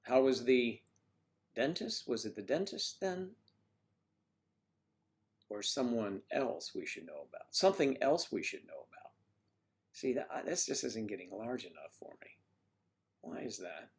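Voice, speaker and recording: A man's voice: mid-range voice, very animated, measured pace, pauses often. A man hosting a casual livestream, chatting with viewers and reading their comments, teasing and muttering asides to himself.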